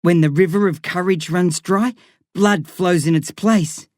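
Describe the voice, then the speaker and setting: A man's voice: high voice, steady tone, a little slow, a little mellow, no echo, studio quality, pitched above the performer's own voice. A man voicing an intense teenage boy with a Vietnamese accent who speaks formally and solemnly, like a self-styled warrior. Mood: solemn menace.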